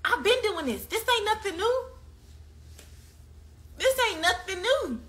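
A woman's voice: extremely high pitch, sing-song, unhurried, noisy background. A young woman being interviewed, venting heatedly about a breakup, swearing freely and hammering the same points over and over. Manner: heated, profane, repeats her points.

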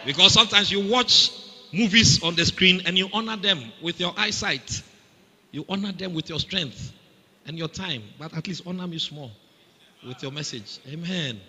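A man preaching a sermon in a Ghanaian English accent, animated and calling out to the congregation for responses. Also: sits high, normal speed, slightly rough, long reverb tail.

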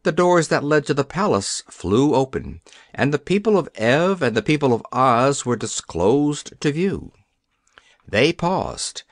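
A man's voice: medium pitch, dry recording, studio quality. A man narrating a children's fantasy audiobook, changing his voice for each character. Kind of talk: storybook narration.

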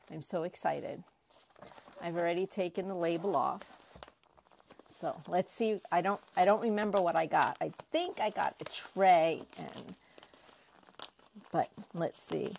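A woman crafting vlogger unboxing prizes she won, gushing and excitable, often repeating herself. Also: on the low side, measured pace, vocal fry, pauses often, slight background noise. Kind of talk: casual unboxing vlog.

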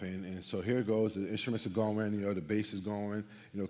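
A man's voice: on the low side, level tone, a little fast, mellow. A man giving a sermon as guest preacher from a church stage. He tells a story in a conversational way, full of restarts and repeated words. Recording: long reverb of a church hall.

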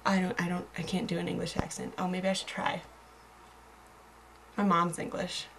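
A woman's voice: lowish voice, flat delivery, normal speed, noisy background. A young American woman chatting casually in a video blog, rambling and self-mocking, with giggles and voice dropping to murmurs. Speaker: vlogger.

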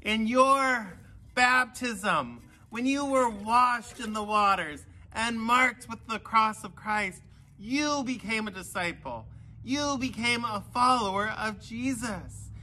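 A man giving a children's sermon, telling a Bible story with animated voices for the characters. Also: high voice, slow. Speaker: pastor.

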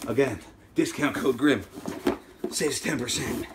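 A man hosting an unboxing vlog, exclaiming loudly over fan mail and swinging between shouts and muttered asides. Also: mid-range voice, a little slow, very noisy.

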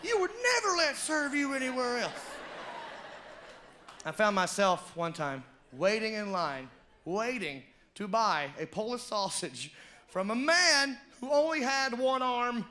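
A Southern comedian with a high voice works a comedy club stage at a measured pace, loudly spinning animated stories and shouting character voices. The routine is captured live, with crowd noise and audience laughter in the background.

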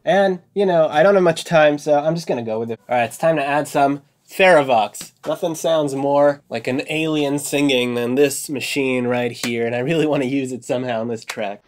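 A young man talking casually as he works in his home music studio, thinking out loud about each step of composing. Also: medium pitch, moderate pace, hardly any pauses. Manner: relaxed, thinking aloud while composing. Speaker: music composer and video host. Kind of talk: casual studio vlog narration.

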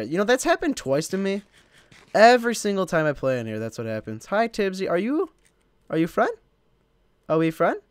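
A man's voice: on the high side, clean tone, no room sound. A young man from Illinois hosting his gaming channel, rambling casually to himself and the viewers while he plays. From Illinois, United States. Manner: rambling, chatty, self-talking while playing. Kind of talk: casual gameplay commentary.

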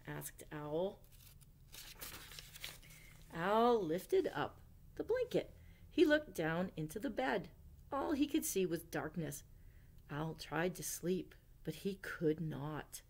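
Woman librarian, storytime read-aloud, slow and unhurried, with a lively, singsong voice. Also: on the low side. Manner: gentle, expressive read-aloud with questions to listeners. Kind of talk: children's storytime reading.

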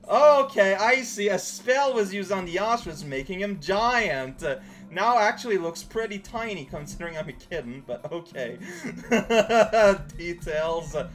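A man's voice: sits high, sing-song, measured pace, a bit bright, faint music behind. A man casually commentating on a video game as he plays, rambling and giggling through jokey asides. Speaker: let's play commentator.

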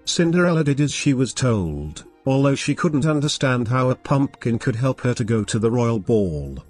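Man, storyteller, bedtime story narration, calm, gentle, steady, mid-pitched, faint music behind. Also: normal speed, few pauses. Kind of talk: scripted narration.

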